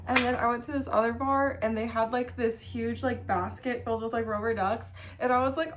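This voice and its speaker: A woman's voice: a little high, fairly even intonation, fairly quick, hardly any pauses. A young woman streaming, chatting casually and bubbly, full of likes and little gasps. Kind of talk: casual chat. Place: warm room indoors.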